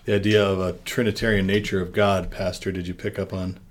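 A man with a very low voice leads a church devotion. He reads the passage with lifting emphasis, then talks it through in a loose, conversational way with small fillers. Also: flat delivery, brisk. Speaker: vicar leading a devotion. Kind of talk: Bible reading and devotional discussion.

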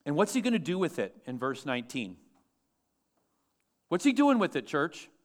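A man's voice: on the high side, very animated, normal speed. A man pastor preaching a sermon to his church, emphatic and asking the congregation questions.

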